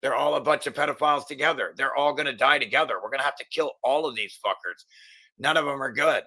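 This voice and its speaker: A man's voice: mid-range voice, fast talker, sharp tone. A middle-aged man hosting his own channel, ranting angrily in a profane, agitated monologue full of stumbling restarts. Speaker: channel host.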